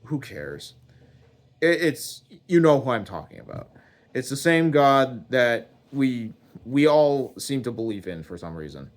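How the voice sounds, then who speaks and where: Slow, rambling man telling a comic tale. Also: mid-range voice. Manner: rambling, deadpan, swearing. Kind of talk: comedic first-person character monologue.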